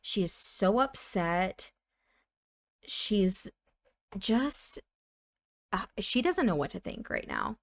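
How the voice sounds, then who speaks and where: A woman's voice: medium pitch, sing-song, slow pace, long pauses, dry recording, studio quality. A woman hosting a let's play, narrating her game in a chatty way with dramatic exclamations. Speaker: gaming channel host.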